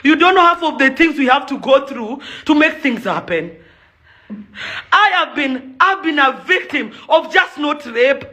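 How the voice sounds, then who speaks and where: A woman's voice: sits high, expressive, measured pace, sharp tone. A young Kenyan woman delivering an angry, impassioned rant to camera, accusing and pleading by turns, slipping Swahili phrases into her English. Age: young adult. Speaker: events promoter and celebrity.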